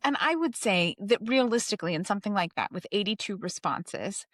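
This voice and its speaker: A woman's voice: medium pitch, expressive, fairly quick, a bit bright, dry recording. Woman cohost, blunt casual talk, says "like" a lot, dry sound. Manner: frank, conversational, lots of "like" and "I mean". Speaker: podcast co-host. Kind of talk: casual chat.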